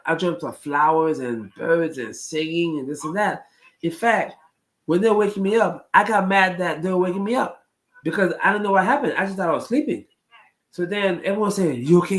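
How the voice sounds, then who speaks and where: A man's voice: high voice, a bit bright, rough recording. Rambling man telling stories to chat. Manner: rambling, repeats phrases, many fillers. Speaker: streamer talking to chat. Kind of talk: casual storytelling to a live chat.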